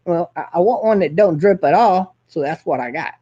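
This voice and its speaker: A man's voice: on the high side, expressive, normal speed, mellow, dull audio. A man hosting his own show, ranting in a profane, combative and boastful way. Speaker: host. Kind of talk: casual ranting monologue.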